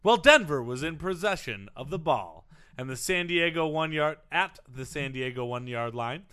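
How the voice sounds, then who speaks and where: Bright, high-voiced man reading aloud. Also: expressive, normal speed, clean tone. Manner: reads facts aloud with jokey asides. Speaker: podcast co-host reading a biography. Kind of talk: casual banter podcast, reading aloud.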